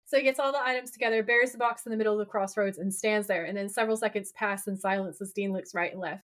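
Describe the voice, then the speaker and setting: Woman co-host, animated fan chat, curses casually, acts out scenes. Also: mid-range voice, fast talker. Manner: animated, swears freely, acts out quoted lines. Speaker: podcast co-host. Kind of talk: casual chat recapping a TV episode.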